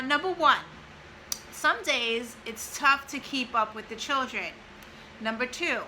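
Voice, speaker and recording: A woman in her forties, a mother, reading a list from an old notebook aloud in a casual vlog, tearful and pausing to compose herself. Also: sits high, sharp tone, a little hiss or hum, poor audio. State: crying.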